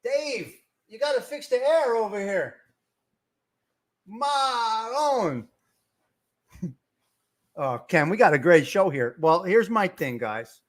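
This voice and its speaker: A middle-aged man hosts a live stream, his voice high-pitched and very animated yet delivered at a measured pace. He's fired up, ranting heatedly and swearing as he shouts out to his chat.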